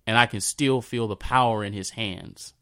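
A man in his thirties recounts a memory in an unscripted monologue. His voice sits low and sounds smooth and clear. He often restarts and repeats phrases, and sometimes drops to a soft murmur. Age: 30s. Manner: halting, repeats himself, drifts into a soft low voice. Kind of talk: personal storytelling monologue.

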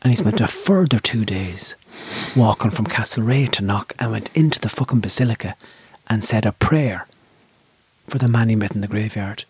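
A man's voice: lowish voice, moderate pace, a little mellow, husky, no room sound. An Irish man telling a long anecdote in casual chat, swearing freely as he goes. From Ireland.

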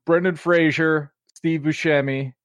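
A man's voice: a little high, steady tone, a little slow, dry recording. A man co-hosting a podcast, telling a story in casual chat, rambling and laughing often. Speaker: podcast co-host.

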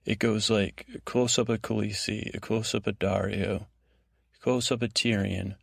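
Gravelly low-voiced man rambling at bedtime. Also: little pitch movement, no room sound, studio quality. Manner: meandering, halting, with frequent restarts and fillers. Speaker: podcast host. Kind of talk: rambling bedtime recap monologue.

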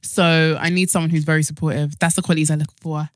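A woman's voice: sits low, flat delivery, fast, dry recording, clean studio sound. A young woman, co-hosting a casual chat in a frank, rambling way. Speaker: podcast co-host.

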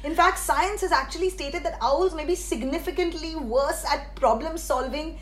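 A woman's voice: sits high, normal speed. A woman, a comedian guest on a podcast, ranting in a sarcastic, mock-outraged way. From India.

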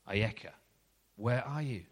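A man's voice: fairly low pitch, takes it slowly, breathy edge. God calling out in the garden in a searching tone, read by a man. The voice stays close to his own. A long reverb follows each line. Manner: read aloud as a searching question.

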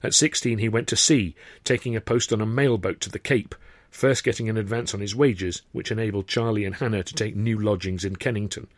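A man narrating his own book in a wry, chatty storytelling manner. His voice sits on the low side and is recorded dry and close, with no room sound. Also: fairly even intonation, a little fast, dry recording. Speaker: author-narrator. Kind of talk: scripted audiobook narration.

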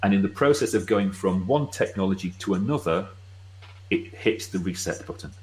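A middle-aged British man speaking as a guest expert, explaining with brisk, wry asides. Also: low-pitched, animated, low-quality recording. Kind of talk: casual explanatory chat.

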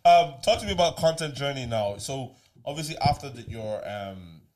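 A young man hosting a podcast, telling stories in a relaxed, casual way with frequent restarts. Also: mid-range voice, normal speed. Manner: relaxed storyteller, stumbles and restarts, does voices. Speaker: podcast host. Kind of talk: casual chat.

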